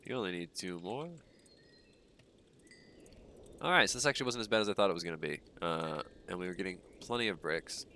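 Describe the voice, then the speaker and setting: Man, very low voice, stuffy nose, relaxed rambling game commentary, faint hiss behind. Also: rapid-fire. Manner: relaxed, rambling, frequent ums and uhs. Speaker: gaming streamer. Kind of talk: casual livestream commentary while playing.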